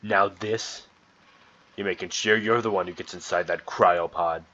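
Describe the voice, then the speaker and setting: A tense young crewman speaks in a low, clipped, accusing voice, as a man puts him on. The recording is dull and lo-fi. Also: fairly even intonation, unhurried, pushed and bright. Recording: dull lo-fi sound.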